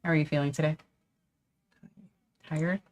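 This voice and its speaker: A woman's voice: low-pitched, level tone, moderate pace. A woman hosting a livestream, chatting casually and reading out viewer comments. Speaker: livestream host.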